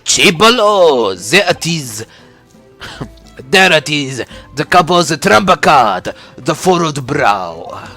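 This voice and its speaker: A man voicing an excitable Italian nobleman sidekick in a put-on Italian accent, eager and fawning. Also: fairly high pitch, takes it slowly, soft background music, exaggerated voice.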